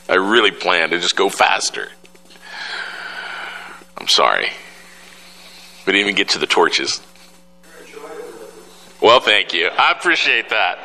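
A middle-aged pastor delivers a sermon, hammering home phrases through repetition. His lowish voice swings widely in pitch. The tone is bright and forceful. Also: low-quality recording. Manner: animated, emphatic, repeats phrases.

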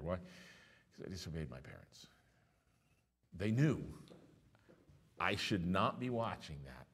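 Animated storytelling male pastor. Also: low-pitched. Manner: animated storytelling, swings between hushed and loud. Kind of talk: sermon.

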